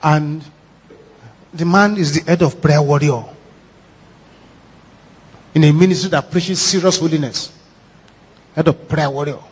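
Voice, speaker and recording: A Nigerian man, a pastor, preaching a sermon with animated, repetitive, dramatic storytelling. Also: fairly high pitch, unhurried, pauses often, slight background noise. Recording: echoey hall reverb.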